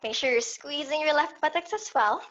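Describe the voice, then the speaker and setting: High, bright-voiced woman leading barre class. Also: normal speed, dull audio. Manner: calm, encouraging step-by-step cueing with counts. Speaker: barre fitness instructor. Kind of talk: guided exercise class cues.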